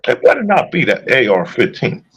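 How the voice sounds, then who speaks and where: A man's voice: medium pitch, very animated, fairly quick, fairly bright tone, slight background noise. A man giving heated, profane casual commentary while reacting to a video, repeatedly incredulous. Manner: heated, incredulous, swears a lot.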